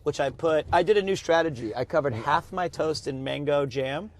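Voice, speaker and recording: A man's voice: fairly high pitch, normal speed, slight background noise. A man chatting casually in the front seat of a car with a friend, upbeat and enthusiastic, laughing often. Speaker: vlogger traveling with a friend. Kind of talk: casual chat. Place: inside a car.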